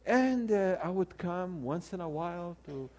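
A man in his sixties, a theology professor, telling a story in a sermon with animated delivery and frequent restarts. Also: high-pitched, unhurried. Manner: animated, with many restarts and repeated words.

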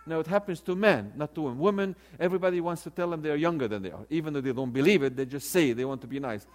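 Animated older male preacher, storytelling. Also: fairly high pitch, very fast. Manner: animated, with many restarts and repeated words. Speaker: preacher and theology professor. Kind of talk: storytelling sermon.

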